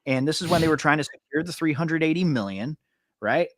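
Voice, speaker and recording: A man hosting a casual sports podcast, talking in a relaxed, easygoing way. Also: fairly high pitch, brisk, no echo, studio quality. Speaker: podcast host.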